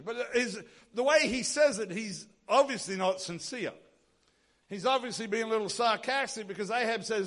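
A pastor preaching a sermon, retelling a scripture story with lively acted-out dialogue. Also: male voice, sits high, moderate pace.

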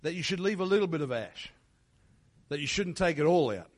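A man giving a sermon as pastor in a church, moving from quiet reflective teaching into loud, fervent prayer. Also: a little high, animated, brisk. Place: church sanctuary. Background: soft instrumental music.

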